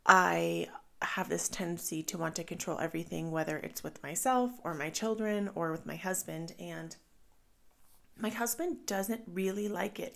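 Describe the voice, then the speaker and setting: Speaking like she's confiding in a friend, a thirtysomething mother delivers a candid, reflective vlog monologue. Her voice is a little low with gravelly fry, yet a bit bright.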